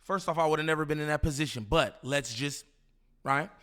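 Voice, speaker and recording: Casual male reaction host, slangy and disbelieving, slightly high pitch. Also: brisk, a bit bright, clear, resonant tone. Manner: incredulous, slangy, repeats himself, laughs. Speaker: commentary host reacting to a clip.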